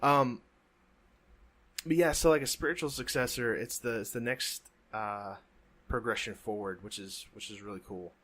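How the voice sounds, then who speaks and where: A man co-hosting a casual podcast, talking in a halting, rambling way with many restarts. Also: medium pitch, a bit bright. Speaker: podcast co-host. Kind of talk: casual chat. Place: home, during a thunderstorm.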